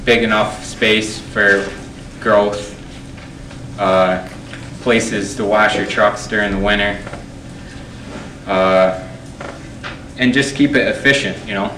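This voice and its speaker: A man running for highway superintendent, answering slowly and hesitantly. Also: a little hiss or hum. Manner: slow, flat, hesitant. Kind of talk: unscripted forum answer. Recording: roomy hall, far from mic.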